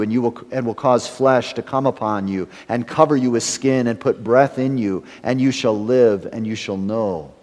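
A pastor delivers a sermon in an even, deliberate cadence. His phrases fade off softly, then he climbs louder when he stresses a point. His voice carries a long reverb, as if in a large church sanctuary. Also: mid-range voice. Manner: measured preaching, trailing off at phrase ends, rising loud for emphasis.

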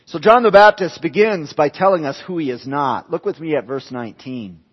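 A man's voice: mid-range voice, breathy edge. A man preaching an expository sermon, emphatic, repeating key phrases for stress. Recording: dull lo-fi sound with long hall reverb.

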